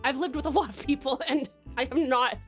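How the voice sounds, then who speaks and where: With soft music in the background, a young female streamer chats casually and reads comments from viewers. Her voice sits high and a bit bright, she talks a little fast, laughs often, and uses plenty of fillers.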